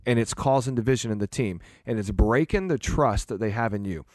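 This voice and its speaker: Casting: man, podcast host and church leader, earnest loose chat, mid pitch, dry close mic. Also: a little fast, darkish tone, no room sound. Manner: earnest, rambling with restarts and fillers.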